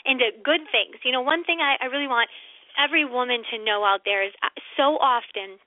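A woman's voice: high voice, brisk, dry recording. A woman author and mental health expert giving an emphatic, encouraging radio interview. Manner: emphatic, encouraging, acts out quoted voices. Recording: dry, phone-like radio line.

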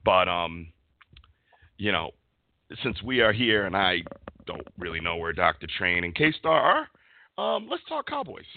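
A man's voice: low-pitched, big pitch swings, measured pace, gravelly, long pauses, slight background noise. A middle-aged man hosting a casual sports talk show, rambling and searching for words as he goes. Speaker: podcast host. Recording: dry, phone-like audio.

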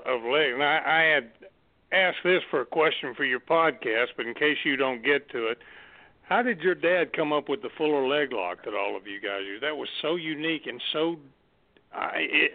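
A man's voice: on the high side, moderate pace, no echo. A man hosting a casual interview, asking curious, rambling questions. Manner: curious, asks long questions. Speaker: host. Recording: tinny phone-like line, dry.

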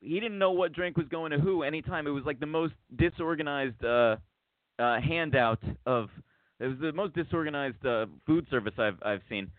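A man's voice: a little high, moderate pace, dry recording. A man hosting a podcast, telling a long story in a casual, rambling way, with many restarts. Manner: rambling, lots of restarts, acts out quotes. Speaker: podcast host. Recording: tinny phone-like dry sound.

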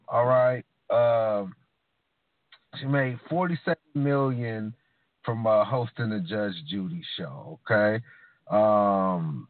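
A man co-hosting a podcast, trading casual profane opinions and slowing down to stress his points. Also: fairly low pitch, dry recording. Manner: drawling, opinionated, slows down for emphasis. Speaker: podcast co-host. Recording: dry, tinny phone-like sound.

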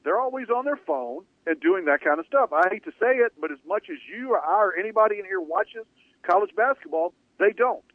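A man's voice: high-pitched, very animated, brisk, vocal fry, dry recording. A man hosting a sports talk radio show, talking emphatically and at length, restarting phrases as he builds his points. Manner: emphatic, opinionated, rambling with restarts. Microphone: studio radio mic. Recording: dry phone-like radio audio.

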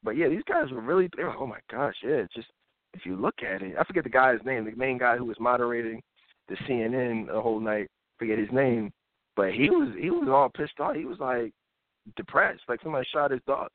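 A man's voice: mid-range voice, fairly quick, dry recording. A man hosting a live talk show, giving casual political commentary and slipping into impressions of others. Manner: animated, mimics others in voices. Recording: dry phone-like audio.

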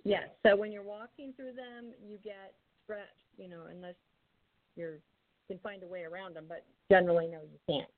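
A woman's voice: medium pitch, fairly even intonation, normal speed. A woman investigator telling a story in an interview, rambling with many ums and restarts, sometimes drifting off the mic. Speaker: paranormal investigator guest. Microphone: phone or call-in line, drifting from the mic. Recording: tinny phone line.

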